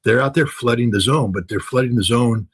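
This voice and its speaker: A man's voice: medium pitch, a little fast, husky, poor audio. An older man giving impassioned commentary, talking emphatically with many fillers, restarts and repetitions.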